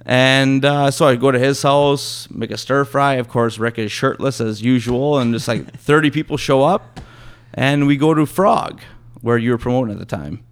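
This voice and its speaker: Canadian man, podcast guest, gravelly voice, rambling swearing stories. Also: medium pitch, moderate pace. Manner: rambling, swearing anecdotes with quoted impressions. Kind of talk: casual storytelling chat.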